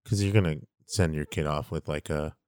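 A man's voice: extremely low pitch, steady tone, normal speed, darkish tone, clean tone, dry recording, studio quality. A man chatting casually, telling a profane, laughing family story and acting out the people in it. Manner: profane, storytelling with quoted voices. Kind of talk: casual chat.

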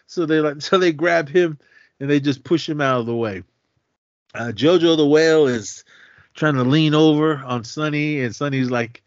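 A man on a movie podcast walks through a scene in easygoing chat, breaking into laughs and acting out the characters' lines. His voice sits at an ordinary pitch. The audio is dry and a little dull, a lo-fi recording. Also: moderate pace, no room sound. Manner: laughs often, animated retelling of scenes. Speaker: podcast co-host. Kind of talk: casual movie recap chat.

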